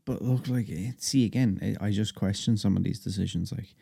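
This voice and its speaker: A man's voice: on the low side, fairly quick, creaky, mellow, breathy edge, no echo, studio quality. A man co-hosting a podcast, talking loosely with lots of fillers and swearing. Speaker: podcast co-host. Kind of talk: casual chat.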